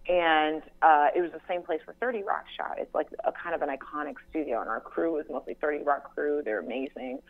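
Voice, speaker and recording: A young woman, a TV writer as a guest, telling stories in a lively way and acting out quotes as she laughs. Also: low-pitched, fairly quick, hardly any pauses. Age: young adult. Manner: animated storyteller, acts out quotes, laughs often. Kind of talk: casual anecdotal interview. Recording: tinny phone line.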